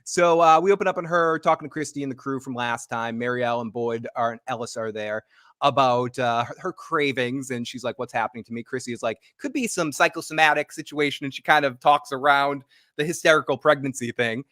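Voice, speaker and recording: A man's voice: medium pitch, brisk, bright, forceful tone, no echo, clean studio sound. A man recapping a TV episode as co-host in a casual, rambling way, acting out quotes from the characters, a little out of breath. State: a bit out of breath.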